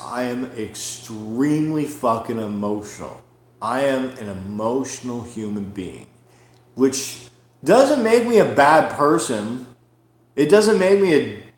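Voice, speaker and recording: Solo podcast host, male, slow and profane, roomy home echo. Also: fairly low pitch. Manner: profane, rambling and frustrated. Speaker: comedian hosting a podcast. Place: room at home. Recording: roomy echoey room.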